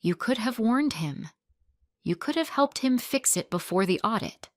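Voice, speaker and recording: A woman's voice: on the high side, animated, no room sound, studio quality, pitched above the performer's own voice, close to an everyday voice. A woman doing an uneasy defensive mother-in-law. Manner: halting, defensive.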